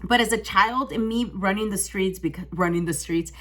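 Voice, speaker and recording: A young woman telling a storytime vlog in casual chat, animated and full of restarts. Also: medium pitch, moderate pace. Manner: animated, with dramatic gasps and frequent restarts. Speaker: vlogger.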